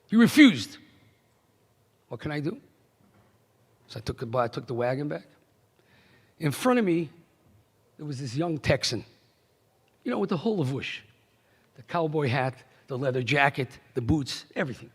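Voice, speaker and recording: High gravelly rabbi in an echoey hall. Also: male voice, moderate pace, pauses often. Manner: animated, swings from hushed to emphatic. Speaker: rabbi giving a keynote. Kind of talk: storytelling speech.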